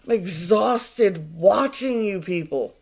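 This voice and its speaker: A man's voice: high-pitched, expressive, takes it slowly, vocal fry, darkish tone. A man in his forties giving a casual tarot reading, rambling, swearing and sounding exasperated. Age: 40s. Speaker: tarot reader.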